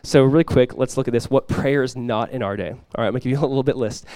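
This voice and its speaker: A man's voice: medium pitch, fast talker, mellow, smooth, no echo. A young adult male pastor giving a conversational sermon, joking and acting out little quotes.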